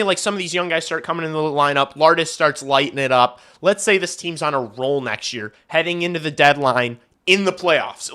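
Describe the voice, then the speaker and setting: A man's voice: on the high side, bright, forceful tone, smooth. A man hosting a casual hockey livestream, rambling and swearing offhandedly. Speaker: livestream host. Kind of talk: casual livestream sports commentary.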